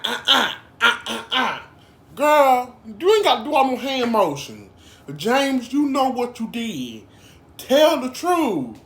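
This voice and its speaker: A woman's voice: medium pitch, reverberant. A woman doing casual gossip commentary, chatty and informal, calling her viewers y'all and girl. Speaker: drama commentary vlogger.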